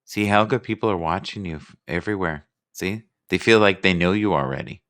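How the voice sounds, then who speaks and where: A man's voice: low voice, brisk, fairly bright tone, dry recording, clean studio sound. A man hosting a casual live stream, joking and rambling playfully with his guests.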